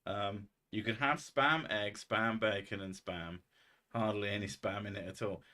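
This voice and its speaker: A man's voice: lowish voice, steady tone, measured pace, bright, forceful tone. A man hosting a casual live stream, rambling and self-mocking with a lot of swearing.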